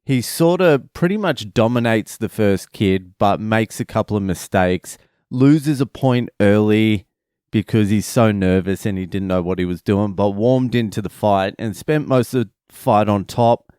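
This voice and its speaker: A man's voice: fairly low pitch, a little slow, clear, resonant tone, no echo, clean studio sound. A man, a father, telling a family story in a casual, profane, rambling vlog. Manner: profane, rambling, animated retelling.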